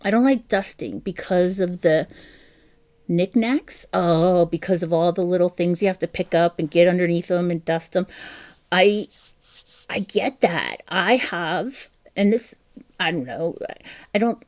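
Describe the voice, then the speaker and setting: A woman's voice: fairly low pitch, a little slow, a little mellow, dry recording. A middle-aged woman hosting a live crochet stream, chatting casually and reading viewer comments aloud.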